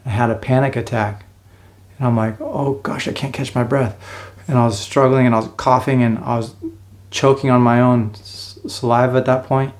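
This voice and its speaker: A man's voice: medium pitch, little pitch movement, moderate pace. Earnest man telling a personal story. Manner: earnest, acts out his own past lines. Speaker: vlogger telling his life story.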